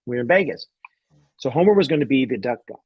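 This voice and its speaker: A man's voice: mid-range voice, expressive, quick pace, slightly rough, dry recording, dull audio. A man, a guest magician, telling a rambling anecdote in casual chat, laughing often and restarting sentences.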